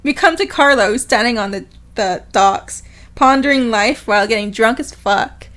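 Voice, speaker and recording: A woman co-hosting a book podcast, casually retelling a novel's chapter in a giggly, lively way. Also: on the high side, moderate pace. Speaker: podcast co-host.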